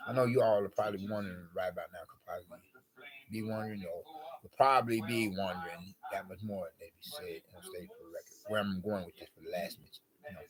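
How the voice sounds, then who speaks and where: A man's voice: fairly low pitch, poor audio. Rambling, wordy man talking to camera. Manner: wordy, repetitive, full of filler phrases. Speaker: vlogger.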